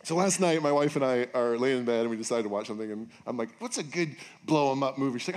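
A male pastor preaching a sermon in a casual, joking way, acting out quotes with bursts of excitement. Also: a little high, quick pace, few pauses, a little hiss or hum. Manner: animated, jokey, acts out quotes in raised voice. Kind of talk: sermon with storytelling.

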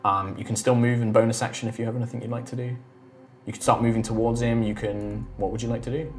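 A man narrating as game master of a tabletop game, telling the action in a relaxed way full of fillers. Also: mid-range voice, fast talker, a little hiss or hum. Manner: relaxed, filler-heavy storytelling.

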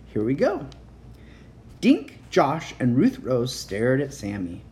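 A woman reading a children's chapter book aloud in an expressive, animated way. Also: a bass voice, takes it slowly. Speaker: reader.

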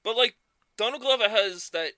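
A man's voice: sits high, expressive, normal speed, sharp tone, dry recording. A man co-hosting a podcast, talking enthusiastically about films in a casual way. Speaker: podcast co-host. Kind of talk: casual film discussion.

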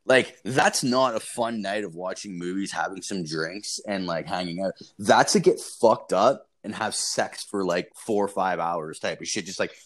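A man's voice: deep voice, normal speed, few pauses. A young man telling a wild story in casual chat, rambling and profane, with lots of filler words.

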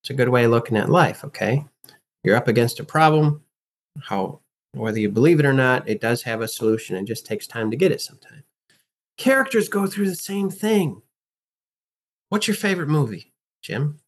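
An acting and life coach appears as a guest in a casual interview, speaking in a medium-pitched voice at a normal speed. He's emphatic and animated, teaching through rhetorical questions.

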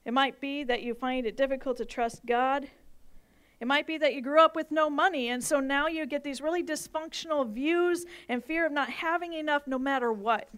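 A woman pastor giving a sermon to a live congregation, animated and playful, with bursts of emphasis. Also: high voice, moderate pace. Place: church service with live audience.

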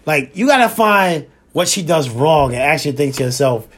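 A man co-hosting a podcast in casual chat, slangy and laid-back, repeating points slowly for emphasis. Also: on the high side, expressive, noisy background. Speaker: podcast co-host.

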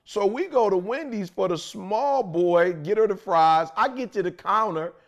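A fairly high-voiced man co-hosts a podcast in relaxed conversation. He spins lively, slangy stories about his day. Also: moderate pace. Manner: animated storytelling with slang. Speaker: podcast co-host. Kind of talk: casual chat.

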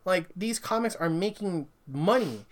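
A man co-hosting a podcast in casual chat, animated and ranting with constant swearing. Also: sits high, unhurried. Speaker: podcast co-host.

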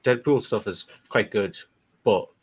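A man's voice: on the low side, measured pace, breathy edge. A man co-hosting a casual podcast chat, talking hesitantly in short bits.

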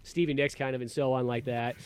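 A man hosting a podcast, telling a rambling, animated story in casual chat and acting out quotes in a raised voice. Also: medium pitch, a little fast, smooth, no room sound. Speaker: podcast host.

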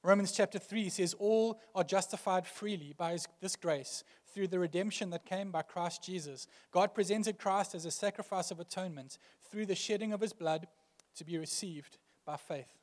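A man's voice: sits high, moderate pace, a little mellow, long reverb tail. A male pastor preaching a sermon earnestly, building emphasis through repeated phrases.

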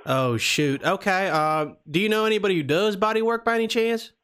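A man's voice: high-pitched, fairly quick, fairly bright tone, smooth, voice pushed up. A man putting on a folksy Southern caller. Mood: chatty, rambling. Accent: put-on American Southern. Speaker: prank caller. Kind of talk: improvised prank call.

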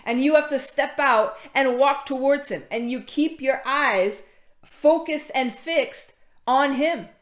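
A woman's voice: sits high, slow. Chatty woman preaching in echoey room. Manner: conversational, many fillers and restarts, greets latecomers mid-talk. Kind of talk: casual sermon with scripture reading.

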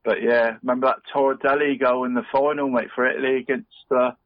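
A middle-aged Cornish man co-hosts a casual podcast, talking fast in a medium-pitched, flat voice. The audio is dull and dry with no room sound, and he works "mate" into nearly every sentence of his chatty talk.

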